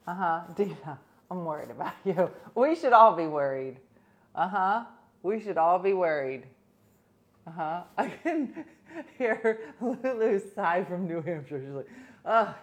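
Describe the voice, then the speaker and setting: A woman's voice: on the low side, lively intonation, unhurried. A woman in her fifties chatting casually and coaxing her dog, treating it as her playful co-host. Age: 50s. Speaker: host of a home pet show.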